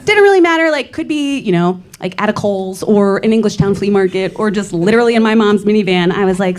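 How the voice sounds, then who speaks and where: A woman's voice: mid-range voice, expressive, a little fast, few pauses, a little mellow. A young woman doing a stand-up set, self-mocking and playful, often breaking into laughter. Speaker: stand-up comedian. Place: comedy club stage.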